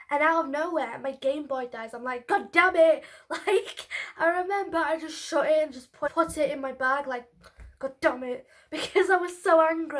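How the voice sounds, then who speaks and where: A woman vlogging, telling a personal story to camera in a candid, emotional way with casual swearing. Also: high voice.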